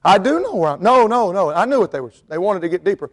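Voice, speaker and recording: Man, middle-aged, high-pitched, preaching a sermon, storytelling, quiet to hollering swings. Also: sing-song, fast talker, few pauses. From North Carolina mountains. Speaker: pastor and missionary.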